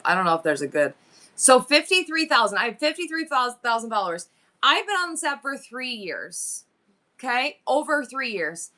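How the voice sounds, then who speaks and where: A bright, fairly high woman's voice, chatting live to her viewers. She is excitable and exclaims a lot, her pitch jumping around as she thinks aloud. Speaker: live-selling streamer. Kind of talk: casual live-stream chat to viewers.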